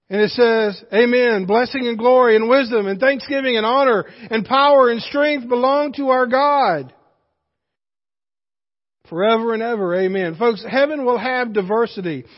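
A man preaching a sermon in a church, emphatic and conversational, with joking asides to the congregation. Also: extremely high pitch. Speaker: pastor. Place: church sanctuary. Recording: reverberant hall, dull muffled sound.

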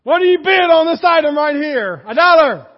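A booming, high-pitched male game show announcer, put on by a preacher, stretching his shouted calls in long, drawn-out bursts. The sound is dull and rings with a long hall echo. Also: animated. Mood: hyped.

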